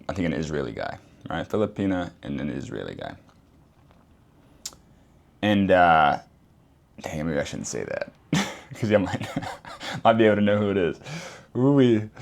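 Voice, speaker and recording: A man speaks straight to camera in a relaxed, slang-heavy storytelling voice. His pitch jumps around a lot as he gets worked up, and he keeps circling back to repeat his points. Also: moderate pace, vocal fry, pauses often. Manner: animated, slangy, repeats phrases for emphasis. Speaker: vlogger. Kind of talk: casual storytelling monologue.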